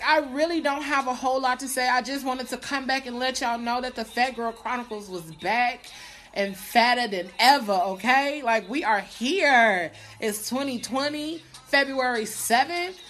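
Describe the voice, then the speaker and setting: A woman's voice: high-pitched, a bit bright. Chatty playful woman podcast host. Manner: chatty, playful, swears freely, laughs often. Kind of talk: casual live-stream chat.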